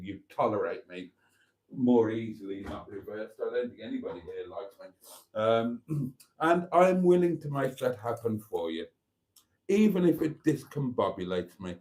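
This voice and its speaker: A man's voice: medium pitch, mellow, husky. A man hosting a casual live stream from a phone, reading out viewer comments in a theatrical, self-mocking way and calling his audience darlings. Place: at a table indoors. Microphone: phone camera.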